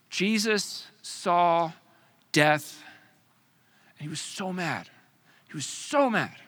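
A man preaching a sermon, with dramatic pauses and rhetorical questions, swinging from loud emphasis to hushed near-whispers. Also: mid-range voice, sing-song, gravelly.

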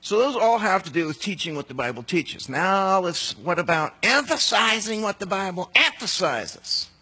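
A man's voice: sits high, sing-song, moderate pace, bright, forceful tone, husky. A middle-aged man preaching an expository sermon as pastor, emphatic, with sudden rising bursts on key words.

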